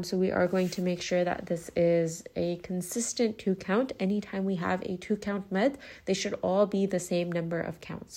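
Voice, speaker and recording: A woman's voice: fairly low pitch, dark tone. Patient woman teaching Quran recitation. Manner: patient, methodical, slows down to model recited words. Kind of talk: tajweed lesson, explaining and modelling recitation.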